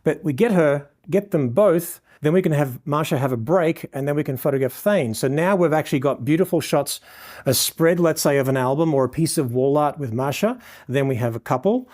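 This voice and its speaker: A man's voice: fairly high pitch, a little fast, darkish tone. A man with an Australian accent teaching a portrait lighting lesson as he shoots, praising the model and explaining each setting to viewers. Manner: effusive, showering the model with praise. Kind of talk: live instruction while shooting a portrait session.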